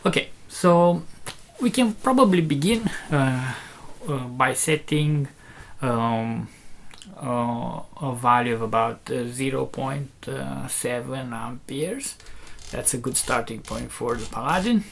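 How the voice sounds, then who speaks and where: A man's voice: medium pitch, slow, creaky, fairly bright tone, slight background noise. Hesitant man explaining speaker tech. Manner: hesitant, many fillers and restarts, explains step by step. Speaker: loudspeaker maker demonstrating a driver. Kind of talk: casual technical demonstration.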